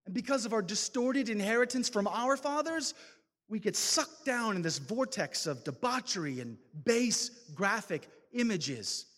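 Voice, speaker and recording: Preaching his testimony with fervor, a man builds to loud calls in a high, widely swinging voice. His slow, deliberate delivery trails a long reverb from the large hall.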